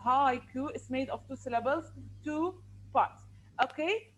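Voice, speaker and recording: High-voiced woman teaching an online class. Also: unhurried, highs cut off. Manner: patient, repeats and stretches words to explain. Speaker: English teacher. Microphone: video call.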